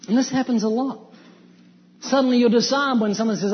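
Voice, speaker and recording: A man with a notably high voice preaches an evangelistic sermon, pressing his points with emphatic rhetorical questions. The sound is dull and lo-fi, with a long hall reverb trailing each phrase. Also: a little fast.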